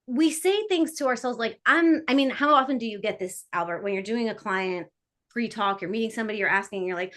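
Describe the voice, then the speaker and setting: A woman hypnotherapist talks through her work in relaxed podcast conversation, her voice sitting a little high for a woman. She turns animated when she acts out what her clients say, and her tone swings with each line she plays out. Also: a little fast. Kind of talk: casual podcast chat.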